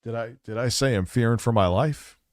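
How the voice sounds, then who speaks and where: A man's voice: medium pitch, a little fast, no room sound. Male streamer, mocking and combative, dry mic. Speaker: livestream host. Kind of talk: reaction commentary on a livestream.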